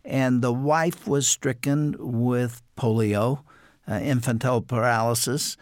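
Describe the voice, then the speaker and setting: A man's voice: medium pitch, fairly even intonation, slow pace, no room sound. Male interview host, conversational, dry studio sound. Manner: conversational, brief affirmations. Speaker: broadcast host.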